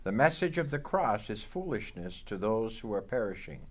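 A man preaching a sermon as pastor, leading call-and-response lines and reading scripture slowly and deliberately. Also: fairly low pitch, very animated, husky.

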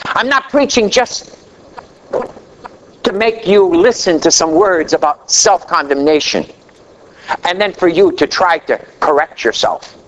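A man preaching a sermon as pastor, slow and dramatic, letting his voice sink low at the ends of phrases. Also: lively intonation, muffled recording, slight background noise.

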